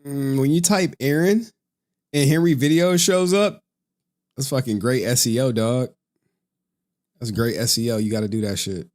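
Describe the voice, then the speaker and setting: A man's voice: medium pitch, moderate pace, pauses often, darkish tone. A young man hosting a casual late-night stream, tired from no sleep, rambling, swearing and laughing often. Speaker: streamer host.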